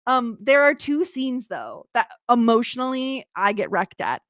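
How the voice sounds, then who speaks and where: A woman co-hosting a casual podcast, telling stories in a chatty, animated way. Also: fairly high pitch, measured pace, dry recording, clean studio sound. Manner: chatty, animated storytelling with laughs. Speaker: podcast co-host. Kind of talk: casual chat.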